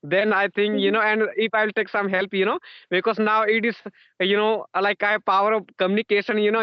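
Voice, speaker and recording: A man's voice: high-pitched, clear, resonant tone, no echo, lo-fi sound. A man interviewing in casual conversation practice, repeating himself and filling gaps with "you know" and "yes, yes".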